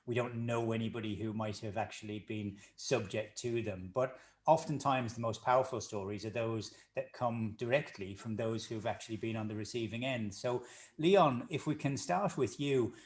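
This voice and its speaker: A man hosts a sports interview, steady and measured in how he frames each question. His voice sits at an ordinary middle pitch for a man. He talks in full, considered sentences with the odd restart. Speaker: host.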